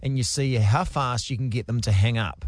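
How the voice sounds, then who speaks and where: A man's voice: medium pitch, moderate pace, dry recording, studio quality. A man co-hosting a radio show, playful and laughing as he makes prank phone calls. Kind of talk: casual on-air banter and prank calls.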